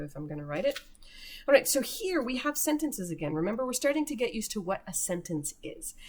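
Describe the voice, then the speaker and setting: A woman with a lowish voice teaches young children in a recorded remote lesson. She sounds out each word slowly and patiently for beginning readers. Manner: slow, patient sounding-out of words for early readers.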